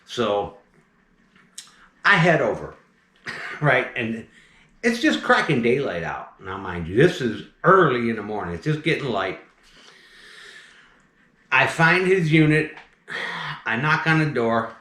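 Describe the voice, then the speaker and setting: A man with a slight Southern accent who removes snakes, telling a story in a chatty, animated way. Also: medium pitch, takes it slowly, pauses often. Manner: animated, chatty, keeps saying "right?" and "mind you". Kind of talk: casual storytelling. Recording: roomy echo.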